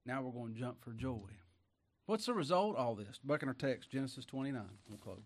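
A middle-aged man with a drawl delivers a homespun sermon. His voice sits at an ordinary mid pitch. He swings from ringing declamation to near-hushed asides. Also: animated, a little fast. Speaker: preacher.

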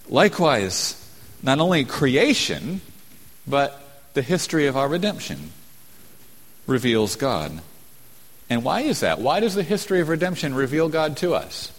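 Male pastor, mid-pitch, emphatic sermon delivery, reverberant sanctuary sound. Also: very animated. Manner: emphatic, slows down to stress key phrases. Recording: long hall reverb.

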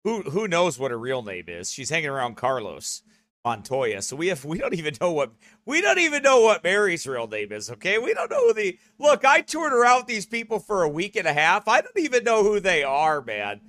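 A man hosts a loose, rambling broadcast. He talks in a fairly high, tense voice and laughs often. The sound is dry, with no room echo. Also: huge pitch swings, brisk, fairly bright tone. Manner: rambling, repeats "okay?" and "right?"; laughs often while talking. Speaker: host.

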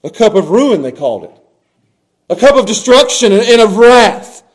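High-voiced impassioned male preacher. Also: big pitch swings, normal speed. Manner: swings from hushed low tones to loud impassioned crying out. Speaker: pastor. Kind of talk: sermon.

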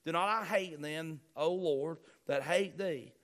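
Man, pastor, sermon, raised voice on key lines, fairly high pitch. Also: takes it slowly, a bit bright. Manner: preaching with rising emphasis, repeating key phrases.

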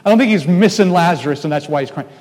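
A man with a somewhat high voice delivers a sermon in an earnest pastoral tone. He speaks directly to his congregation. His voice rings out with a long reverb from a church hall. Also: animated, fast talker, a little mellow.

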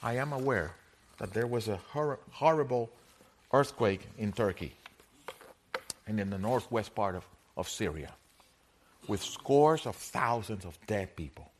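A middle-aged man preaching a sermon in a conversational way, laughing often and swinging from quiet, slow lines to loud, emphatic ones. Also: lowish voice, expressive. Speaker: pastor.

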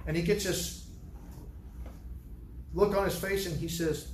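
Male pastor, high voice, earnest emphatic sermon delivery, echoey church room. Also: fairly even intonation, unhurried, long pauses, a little hiss or hum. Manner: earnest, emphatic preaching with repeated restarts. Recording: roomy hall sound.

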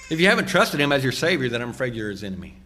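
Emphatic male preacher, sweeping pitch. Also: very animated, bright, forceful tone. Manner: emphatic, slows and drops low on key phrases; rises sharply in pitch and volume when exhorting. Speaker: pastor. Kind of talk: sermon.

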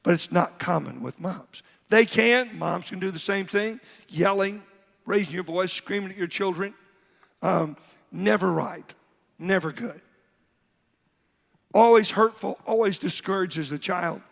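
In a church sanctuary, a pastor preaches a sermon, reading Bible verses aloud and acting out a father's talk with his son. His voice sits high and gravelly at a measured pace, with a long reverb tail.

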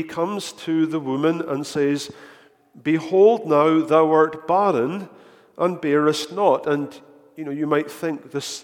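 A man preaching a sermon in earnest tones, often repeating words as he builds a point, recorded in a church. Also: fairly high pitch. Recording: echoey hall.

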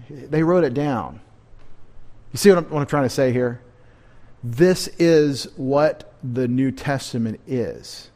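A man's voice: medium pitch, a little slow, a little mellow. A man preaching a midweek sermon as pastor, talking conversationally, asking the congregation questions and adding joking asides.

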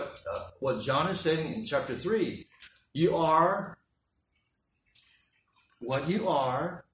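Animated preacher in an echoey hall. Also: male voice, on the high side, takes it slowly, long pauses, slight background noise. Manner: animated, acts out dialogue in character voices. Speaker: pastor. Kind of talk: sermon. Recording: echoey room, mic at a distance.

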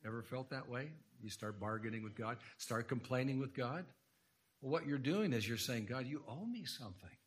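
A man preaching an earnest sermon in a church, quoting scripture and rising to emphatic points. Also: fairly low pitch. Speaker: guest preacher. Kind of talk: sermon lecture.

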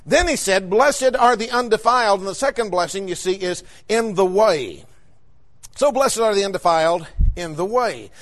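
Preacher guy, pretty high voice, fervent sermon, gets shouty on the big points. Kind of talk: sermon with personal storytelling.

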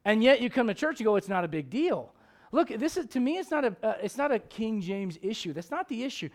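A man preaching a sermon as pastor, swinging between loud emphatic questions and low, quiet asides. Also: lively intonation, fast talker.

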